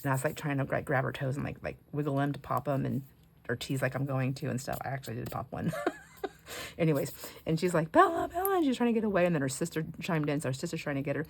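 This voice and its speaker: With a bass voice and vocal fry, this middle-aged grandmother talks quickly and fairly evenly while crafting at home. Her casual chat rambles, often dipping into quiet, near-whispered asides, and there's a slight hiss or hum in the background.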